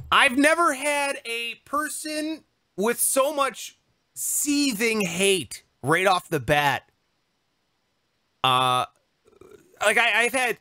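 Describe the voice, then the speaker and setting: A young man co-hosting a podcast, telling a story in a casual, animated, joking way and acting out what people said. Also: on the high side, dry recording, studio quality. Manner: animated, jokey, acts out quotes. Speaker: podcast co-host.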